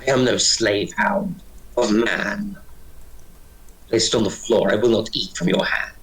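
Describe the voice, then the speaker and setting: A man's voice: lowish voice, fairly even intonation, a little slow, a bit bright, far from the mic, poor audio. A man voicing a proud male talking wolf who speaks in a dignified, stiff way.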